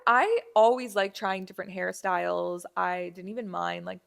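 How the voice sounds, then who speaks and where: With a gravelly voice on the low side at normal speed, a young woman tells a casual story on her podcast. She's animated, acts out the dialogue of the characters, and keeps filling in and restarting.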